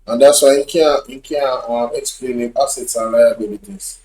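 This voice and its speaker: This man speaks with a Jamaican Patois accent at a middle pitch, blunt and matter-of-fact as a co-host. His voice carries a roomy echo. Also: steady tone, moderate pace, warm tone. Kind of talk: casual commentary.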